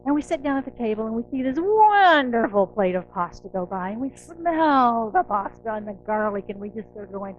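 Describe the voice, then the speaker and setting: A middle-aged woman minister giving a conversational, animated sermon, acting out inner voices. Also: fairly high pitch, a little fast, few pauses, muffled recording, soft background music. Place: church sanctuary.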